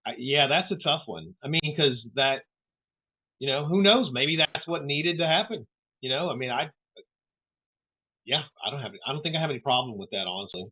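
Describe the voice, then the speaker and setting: A man's voice: mid-range voice, lively intonation, moderate pace. A male host of an interview show who reacts with short, hesitant comments. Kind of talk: interview talk. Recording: tinny phone-like call audio.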